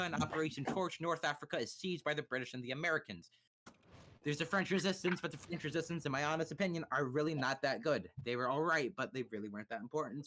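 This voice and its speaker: A man's voice: mid-range voice, a bit bright, slight background noise. A young man casually explaining history on a livestream, swearing and cracking crude jokes. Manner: crude, joking, profane.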